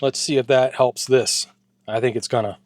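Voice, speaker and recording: Speaking at a moderate pace with fairly even intonation, a man with a darkish mid-range voice reviews a ration pack at home, and there's no room sound. It's a casual taste-test vlog shot in his garage, where the food reviewer sounds enthusiastic and occasionally talks with his mouth full.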